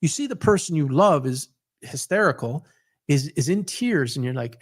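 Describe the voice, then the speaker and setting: A man in his fifties hosts a sports talk show and tells a personal story with emphasis, often repeating words as he builds it up. His voice sits a little high for a man. The sound is dry, with no room echo. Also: expressive, normal speed. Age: 50s.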